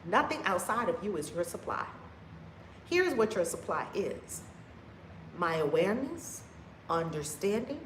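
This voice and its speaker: A woman spiritual teacher on a livestream, preaching with emphatic repetition and bursts of loud whoops. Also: fairly low pitch, very animated, a little slow, long pauses, roomy sound, poor audio.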